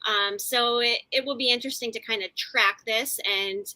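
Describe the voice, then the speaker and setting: A woman's voice: fairly high pitch, fairly even intonation, normal speed, bright, forceful tone. A woman co-hosting a podcast, chatting casually as she recaps a TV episode with plenty of fillers and asides. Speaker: podcast co-host.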